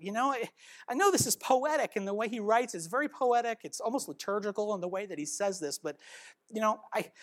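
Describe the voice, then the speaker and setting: A woman giving an earnest devotional Bible teaching, exhorting and questioning her listeners. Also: mid-range voice.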